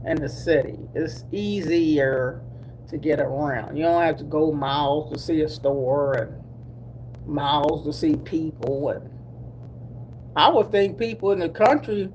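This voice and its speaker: Chatting live with her viewers, a middle-aged Delaware vlogger uses Black American English in an easygoing, slow drawl sprinkled with laughs and asides. Her lowish voice has a darkish tone, with slight background noise.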